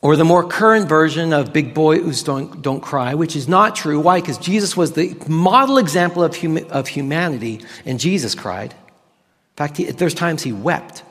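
Male pastor, conversational sermon, slightly high voice, long hall echo. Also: expressive, fairly bright tone. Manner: conversational, stretches key words slowly for emphasis.

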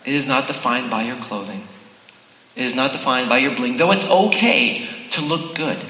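A man's voice: mid-range voice, moderate pace, sharp tone, slight background noise. A man preaching a sermon, speaking directly to the congregation in a large hall. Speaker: pastor. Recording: echoey hall with long reverb.

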